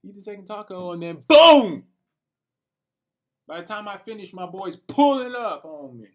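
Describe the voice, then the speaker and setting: A young man telling a rambling, animated story about his night, full of slang and cursing. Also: sits high, fairly quick, a little hiss or hum. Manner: rambling and animated, talking to himself with lots of slang and profanity. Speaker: vlogger. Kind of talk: late-night personal rant.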